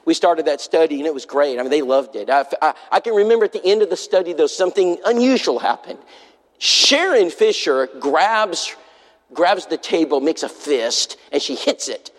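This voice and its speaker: A man preaching a sermon in a church, telling a story in an animated way and acting out the people he quotes. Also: a little high, normal speed. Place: church sanctuary. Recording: long hall reverb in a church.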